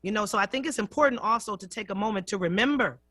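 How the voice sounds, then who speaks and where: A woman hosting a radio talk show, speaking in a measured, emphatic way and drawing out key words. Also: mid-range voice, fairly bright tone, dry recording, clean studio sound. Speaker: radio host. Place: radio studio.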